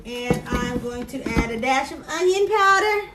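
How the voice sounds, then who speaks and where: A woman's voice: high-pitched, expressive, measured pace, heavy background noise. A woman hosting a home cooking video, chatty and explaining each step as she cooks in her kitchen. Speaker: cooking show host. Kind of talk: casual cooking demonstration.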